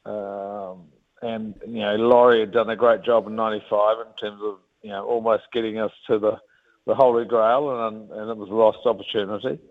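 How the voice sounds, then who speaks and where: A man's voice: lowish voice, moderate pace. Kiwi guy in his 50s telling stories, lots of restarts, sounds like hes on the phone. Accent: New Zealand. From New Zealand. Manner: rambling, animated, many restarts. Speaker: guest, former rugby captain. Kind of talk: casual interview storytelling. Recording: tinny phone-like line.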